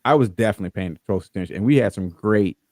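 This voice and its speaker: A man's voice: lowish voice, fast talker, a little mellow, no echo. A man hosting a podcast, wrapping up in a loose, rambling, joking way with lots of ums. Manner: rambling, jokey, many fillers. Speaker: podcast host. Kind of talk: casual podcast wrap-up.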